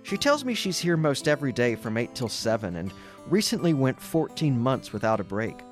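A man narrating a travel documentary in a scripted, reflective way. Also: medium pitch.

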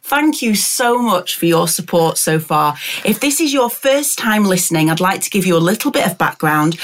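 A woman, hosting a podcast and introducing a guest with enthusiasm. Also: on the low side. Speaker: podcast host. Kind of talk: warm podcast chat.

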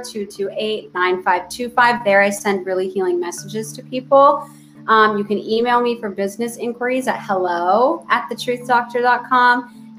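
A woman's voice: a little high, fairly bright tone. A woman of thirty, a therapist speaking as a guest in a casual podcast interview, chatty with many fillers and restarts.

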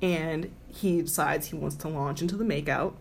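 A lowish-voiced woman tells a dating story on a podcast, acting out the people in it with lively swings of voice. Her voice has a slightly low pitch, and steady background noise runs under the recording. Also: moderate pace, creaky. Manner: animated, mimics voices in her stories. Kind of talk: casual storytelling chat.

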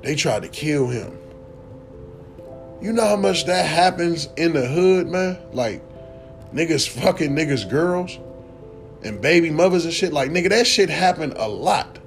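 A young man ranting casually to camera as a vlogger, animated, profane and rambling. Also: fairly high pitch, unhurried, faint music behind.

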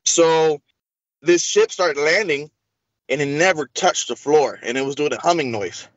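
A man's voice: on the high side, unhurried, no room sound, dull audio. A man telling an interview host a long personal story in casual speech, acting out the dialogue. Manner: animated, acts out quoted dialogue. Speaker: interview guest.

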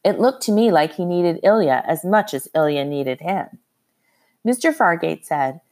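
A woman narrating a historical story in the first person, expressive and measured. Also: fairly low pitch. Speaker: audiobook narrator.

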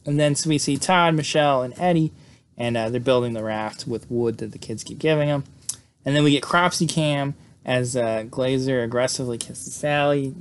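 A man's voice: mid-range voice, normal speed, a little hiss or hum. A man giving a loose, profane, filler-heavy recap of a horror film, like a podcast host. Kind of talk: casual movie recap.

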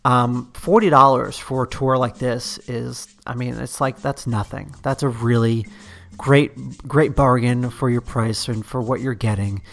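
A man's voice: mid-range voice, fairly even intonation, unhurried, vocal fry. A man hosting a podcast, talking casually through the news with many fillers and restarts, a little emotional. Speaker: podcast host. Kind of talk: casual solo news chat.

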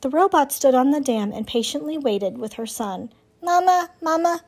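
A woman reading a children's novel aloud as narrator, in clear, steady storytelling. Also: high-pitched, normal speed.

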